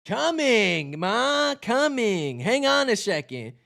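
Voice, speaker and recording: A man voicing an eager young male bee graduate, upbeat and excitable. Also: very high voice, takes it slowly, vocal fry, pitched above the performer's own voice, heavily acted. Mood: excited.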